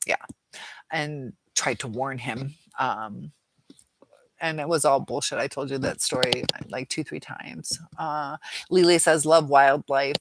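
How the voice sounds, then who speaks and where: A woman's voice: extremely low pitch, a little slow, a little hiss or hum. A middle-aged woman hosting a live chat, rambling casually through viewer comments and laughing often.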